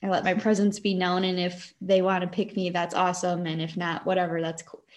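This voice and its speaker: A woman's voice: fairly low pitch, little pitch movement, a little fast. Young woman, Wisconsin accent, chatty, giggly, filler-heavy casual storytelling. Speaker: guest.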